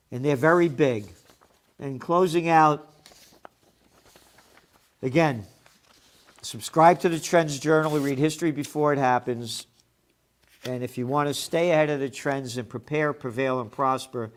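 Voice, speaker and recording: A man delivers a combative commentary rant, his voice sitting a little high. He drops profane, mocking asides and hammers his points home by repeating himself, surging from mutters to loud jabs. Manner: emphatic, repeating words as he builds a point. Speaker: trends forecaster and magazine publisher. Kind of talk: ranting commentary monologue.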